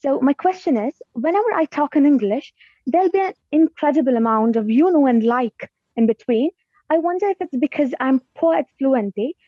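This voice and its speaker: A woman's voice: high voice, animated, moderate pace, no echo. A woman asking a polite question in an online session. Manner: polite, apologetic. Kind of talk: audience question. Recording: dry, muffled call audio.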